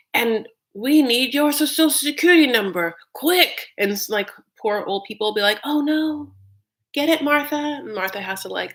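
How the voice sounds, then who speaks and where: A woman's voice: fairly low pitch, pushed and bright. A woman hosting a live reaction recap of a reality show, chatting in a gossipy, sassy way with her viewers.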